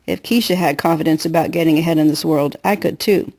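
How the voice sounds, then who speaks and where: A woman reading a first-person novel aloud in an earnest, steady storytelling voice. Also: low voice, fast, hardly any pauses. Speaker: audiobook reader.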